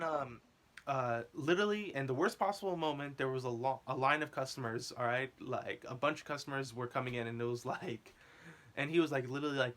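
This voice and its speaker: A man's voice: medium pitch, fairly bright tone. A rambling young man telling a story. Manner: rambling, laughing often, lots of filler words. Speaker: vlogger. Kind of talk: casual storytelling.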